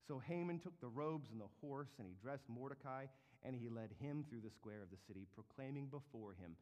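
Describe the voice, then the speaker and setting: A man preaching a sermon as pastor, telling stories with lively comic flair. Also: mid-range voice, a little fast, long reverb tail. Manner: animated, comic storytelling.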